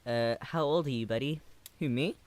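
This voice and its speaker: A man in his twenties, a livestreamer reading chat aloud in a gentle, affectionate way with hesitant pauses. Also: mid-range voice. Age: 20s.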